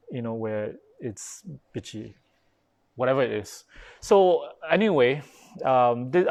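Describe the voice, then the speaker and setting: A man, a Buddhist pastor giving a live-streamed dharma talk in a chatty, informal way, with many fillers and restarts, now and then answering viewer comments. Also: medium pitch. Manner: replies to viewer comments as he goes.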